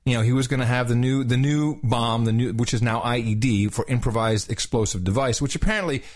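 A man's voice: medium pitch, fairly quick. A man hosting a talk show, speaking in a sarcastic, rambling way with many fillers. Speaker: podcast host. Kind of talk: casual political talk.

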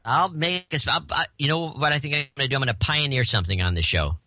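A man's voice: medium pitch, fast talker, sharp tone, no room sound. A man co-hosting a casual talk show, wry and opinionated, teasing his partner. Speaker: podcast co-host.

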